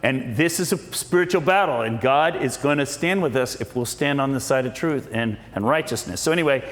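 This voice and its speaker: A man's voice: mid-range voice, brisk. A man giving a folksy, preacher-like storytelling speech at a political meeting, with many repeated starts. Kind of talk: storytelling speech to a live audience. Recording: echoey hall with long reverb.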